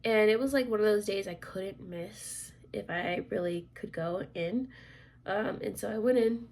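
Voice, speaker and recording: A woman in her thirties chatting casually as a vlogger, rambling with lots of fillers, clearing her throat often and dropping to soft asides. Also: medium pitch, a little slow. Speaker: crafts vlogger and military instructor. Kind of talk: casual chat.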